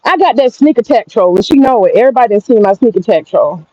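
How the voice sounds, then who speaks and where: A woman's voice: fairly high pitch, lively intonation, quick pace, dark tone, no room sound. A woman streamer giving brash, profane gossip commentary straight to her viewers, often laughing. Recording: dull lo-fi dry sound.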